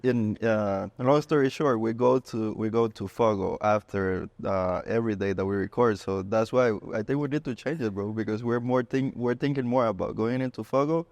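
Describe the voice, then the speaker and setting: Lower-voiced podcast host, friendly banter. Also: male voice, moderate pace, creaky, hardly any pauses, a little mellow, no echo. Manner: friendly, calls guest "bro", loose phrasing. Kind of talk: casual podcast chat.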